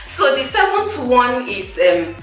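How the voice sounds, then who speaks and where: A young woman, chatting casually to her viewers, animated and laughing often, repeating words for emphasis. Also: high-pitched, takes it slowly. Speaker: vlogger. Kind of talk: casual chat to camera. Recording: roomy echo, far from the mic, faint music.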